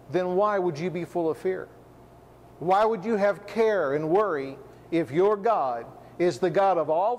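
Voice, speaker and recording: A man preaching a sermon, firing off rhetorical questions with emphasis and sinking into a hushed tone for personal stories. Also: high-pitched, in a large hall, a little hiss or hum.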